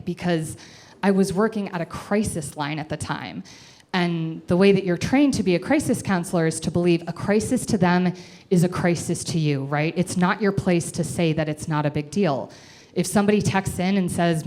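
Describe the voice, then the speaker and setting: A woman in her twenties telling a self-deprecating comic story to a live audience, animated and chatty. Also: lowish voice.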